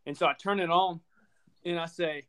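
A man's voice: sits high, fairly even intonation, moderate pace, noisy background. A man on a podcast telling a funny story in a casual, laughing way. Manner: laughing storyteller, says dude a lot. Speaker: podcast co-host. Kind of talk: casual chat.

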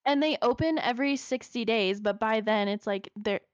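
A young woman in casual chat, telling an animated story full of "like" fillers. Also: a little high, moderate pace, no room sound. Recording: slightly dull lo-fi dry sound.

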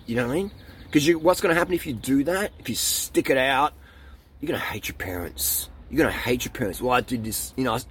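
A man's voice: mid-range voice, a little hiss or hum. A young man vlogging blunt, emphatic life advice, repeating his points for emphasis. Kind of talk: motivational advice monologue.

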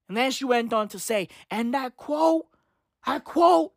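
Animated high-pitched woman ranting. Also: a little slow, dry recording, studio quality. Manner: excitable and profane, repeating slang fillers. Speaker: commentator. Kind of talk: reaction commentary.

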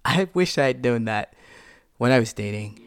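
A man's voice: mid-range voice, normal speed. A man giving a talk, weaving in a personal story and acting out a heated argument. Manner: animated, acts out heated arguments.

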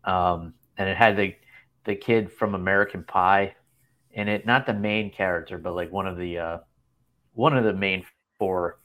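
A man's voice: sits low, steady tone, normal speed, fairly bright tone. A man in his thirties hosting a casual chat show from a hotel room, rambling and laughing often. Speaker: podcast host.

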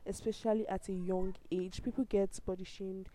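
A woman's voice: medium pitch, little pitch movement, moderate pace, warm tone, a little hiss or hum, low-quality recording. A young woman in her twenties with a Nigerian accent, talking straight to the camera in an impassioned, exclaiming way. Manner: impassioned, exclaiming, ranting with laughs. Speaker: vlogger. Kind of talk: casual direct-to-camera talk.

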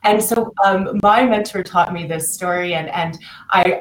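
Her voice lowish and her delivery unhurried, a woman appears as a podcast guest and recounts personal stories from her work as a coach with clients. She chats freely, starts over a lot, and voices the people she quotes. The recording is rough and roomy-sounding.

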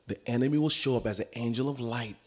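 A man preaching a sermon in a church, animated and humorous, often acting out voices. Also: mid-range voice, fast. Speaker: pastor. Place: church sanctuary.

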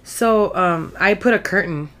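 On her podcast from Mexico, a female co-host tells stories in casual conversation, hopping between English and Spanish and cursing heavily. Her lowish, fairly bright voice moves a little slowly.

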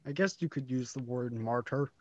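A man taking part in a tabletop role-play discussion, talking in halting, unsure bits. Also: medium pitch, darkish tone, dry recording, highs cut off. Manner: hesitant, halting. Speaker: player. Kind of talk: casual tabletop game discussion.

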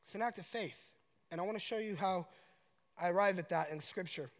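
A man from Colorado preaches with a very high voice, joking casually with the room. His sermon swells into loud, heartfelt paraphrases. The sound carries a long reverb, as from a large hall. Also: a little fast. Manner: conversational, joking, builds to loud emotional paraphrase. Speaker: pastor.

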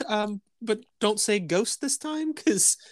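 A man in his thirties co-hosting a podcast, telling animated stories in casual chat, swearing often and laughing between lines. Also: high voice, slow pace. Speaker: podcast co-host.

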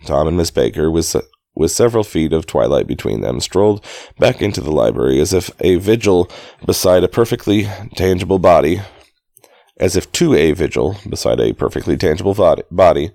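Deep gravelly man reading a novel aloud. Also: animated, fairly quick, mellow, no room sound. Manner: casual, stops to restart and correct himself. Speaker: reader. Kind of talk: amateur audiobook reading.

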